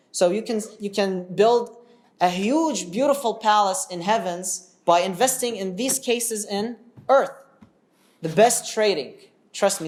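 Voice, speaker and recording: Casual, animated male religious storyteller; chats with the audience as he goes. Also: high voice. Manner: animated, chatty, asks the audience questions.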